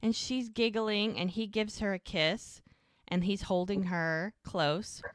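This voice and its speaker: A woman's voice: mid-range voice, fairly even intonation, takes it slowly, no room sound, studio quality. A woman co-hosting a casual podcast, retelling a TV episode scene by scene and acting out the characters' lines. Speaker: podcast co-host. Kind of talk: casual rewatch podcast recap.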